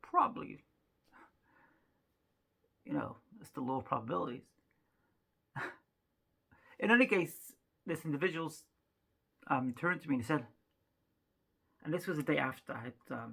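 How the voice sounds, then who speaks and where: A woman's voice: low-pitched, creaky, fairly bright tone, slightly rough. A woman doing rambling, self-mocking stand-up storytelling, chatty with frequent asides. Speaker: stand-up comedian.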